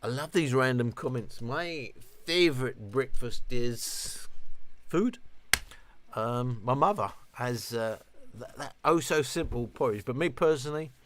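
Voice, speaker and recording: A man hosting a relaxed late-night livestream, rambling and a bit tipsy. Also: mid-range voice, no echo. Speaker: livestream host.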